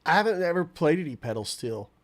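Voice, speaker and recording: A man's voice: on the high side, sing-song, quick pace. A man hosting a casual livestream, stuffy from a cold, talking in a laid-back, rambling way and answering viewer chat. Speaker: livestream host and guitarist.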